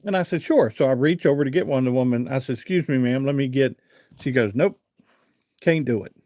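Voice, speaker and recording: A man's voice: medium pitch, steady tone, fast talker, darkish tone, dry recording. Chatty man telling a story to his live chat, dry close sound. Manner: chatty, rambling with fillers and repeated "I said". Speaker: livestream host.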